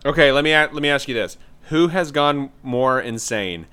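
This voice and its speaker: A man's voice: medium pitch, lively intonation, normal speed, pushed and bright, smooth. A man co-hosting a casual podcast, chatting about movie trailers in a laid-back way, with lots of fillers. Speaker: podcast co-host.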